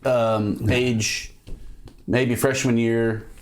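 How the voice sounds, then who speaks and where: A man's voice: mid-range voice, flat delivery, extremely slow. A man hosting a podcast, chatting casually and often restarting his sentences. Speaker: podcast host. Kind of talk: casual chat.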